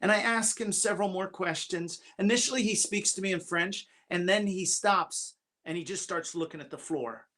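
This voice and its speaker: A man's voice: high voice, bright, forceful tone. A man with a slightly raised voice tells a personal story at a church gathering. He speaks earnestly and confessionally, stumbling and repeating his first words as he goes. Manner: halting, often repeats opening words.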